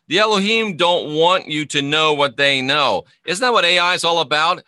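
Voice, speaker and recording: A man's voice: fairly high pitch, moderate pace, few pauses, sharp tone, no echo, studio quality. A middle-aged man, a spiritual teacher and former minister, delivering an emphatic monologue full of repetition and rhetorical questions. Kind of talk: preaching-style video monologue.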